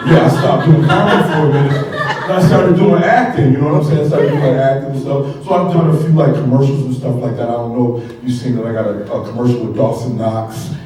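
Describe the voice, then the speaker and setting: A man's voice: mid-range voice, fast, very echoey, recorded from a distance, background noise. A man doing a stand-up comedy set on stage, telling loose stories full of asides. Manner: loose storytelling with frequent asides.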